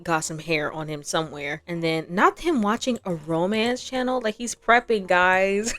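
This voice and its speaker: A woman's voice: lowish voice, expressive, moderate pace, fairly bright tone. A woman giving casual, chatty commentary over her life-simulation gameplay, giggling often and using lots of fillers. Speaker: gaming content creator.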